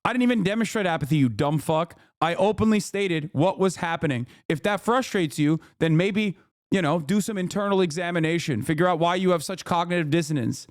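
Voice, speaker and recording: A man's voice: high-pitched, fairly quick, no room sound, clean studio sound. A man in his thirties streaming, ranting furiously and profanely at his chat. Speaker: political streamer. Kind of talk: angry rant at chat.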